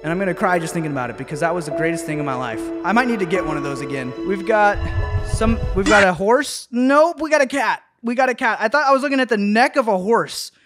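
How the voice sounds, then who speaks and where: Excitable young man reacting to memes. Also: sits high, fast talker, faint music behind. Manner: excitable, slangy, keeps saying dude. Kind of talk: casual reaction commentary.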